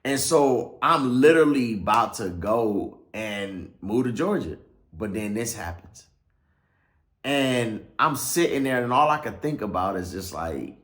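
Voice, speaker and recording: In an echoey room, a male pastor tells his life story in a relaxed, slangy way. He keeps asking "right?" and trailing off with "or whatever like that," his mid-range, fairly bright voice lively in intonation and moderate in pace.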